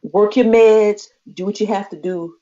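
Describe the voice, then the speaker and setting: Unhurried and mellow, the woman's medium-pitched voice stays steady in tone. She co-hosts a podcast, telling an animated story in which she acts out quoted voices and laughs often. The recording is muffled, lo-fi podcast audio.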